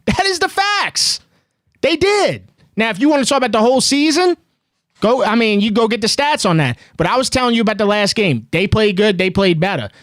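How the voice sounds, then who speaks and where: A man hosting a live sports call-in show, arguing back in an animated way that gets loud. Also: sits high, fairly quick, dry recording, studio quality. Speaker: host.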